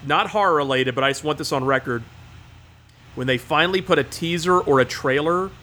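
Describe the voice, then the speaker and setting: A man hosting a casual podcast chat, excitable, swearing often and mimicking voices as he talks. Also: on the high side, fairly quick. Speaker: podcast host.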